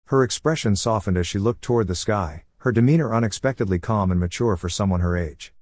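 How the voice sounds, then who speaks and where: A man reading a story aloud as narrator in an even, steady way. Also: lowish voice, brisk, hardly any pauses, no echo, studio quality. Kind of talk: scripted narration.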